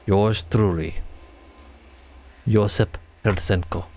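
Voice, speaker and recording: A man putting on an earnest male scientist from a game, reading a letter in a thick foreign accent. The voice sits low and measured, and the tone is wistful and solemn. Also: fairly even intonation, a little mellow, slight background noise. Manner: solemn, with a put-on Eastern European accent.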